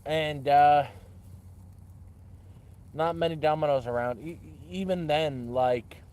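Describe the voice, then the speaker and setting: A man's voice: fairly high pitch, takes it slowly, a little mellow. A man rambling in a casual, repetitive chat by a campfire, with restarts and swearing. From Canada. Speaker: vlogger. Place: outdoors by a campfire.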